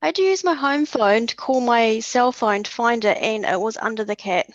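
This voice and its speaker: A woman rambles through a story over a video call, often starting her sentences over. Her voice is a bit high. The sound is muffled and dry, with no room around it. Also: moderate pace, dry recording. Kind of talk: casual chat on a video call.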